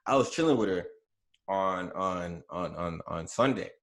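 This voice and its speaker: A man's voice: low-pitched, expressive, a little slow, fairly bright tone. A young man hosting a podcast in casual chat, laid-back and slangy, with lots of "you know" fillers. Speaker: podcast host.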